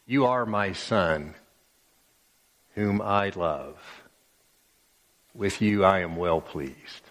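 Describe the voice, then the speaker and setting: Male pastor delivering a sermon, unhurried and emphatic, in a church hall with long reverb. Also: mid-range voice. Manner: slow and emphatic, with many pauses and repeated phrases.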